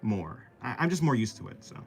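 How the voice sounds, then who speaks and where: An East Coast US man draws on a livestream, chatting playfully with viewers and joking around, sometimes slipping into silly squeaky voices. His voice is gravelly and sing-song, fairly quick, and heard over music.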